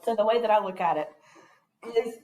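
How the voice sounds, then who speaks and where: A woman's voice: medium pitch, brisk, heavy background noise. A woman teaching a math lesson to a class. She talks patiently, often stops to ask the class questions, and her throat keeps catching with coughs.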